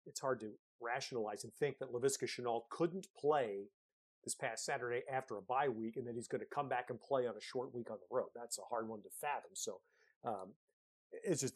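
A man's voice: medium pitch, normal speed. A man analyzing college football on a talk show, speaking emphatically and conversationally. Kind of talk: casual sports talk.

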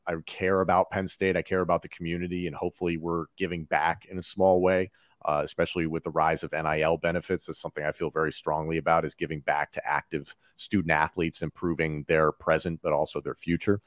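A man speaking as a podcast guest in a casual interview, confident and measured, listing things off one after another. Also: sits low, steady tone, dry recording, studio quality. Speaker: podcast guest, wrestling commentator.

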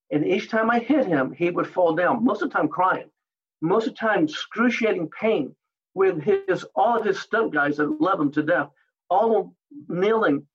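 A man, a martial artist and actor, telling animated anecdotes in an interview and acting out other people's lines. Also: high-pitched, husky, dull audio. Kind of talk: storytelling interview.

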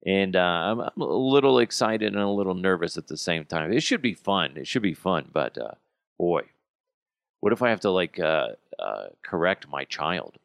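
Male podcast host, 30s, low voice with big pitch swings, joking and profane. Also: animated, normal speed, creaky, no echo, studio quality. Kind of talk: casual solo podcast monologue. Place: home basement.

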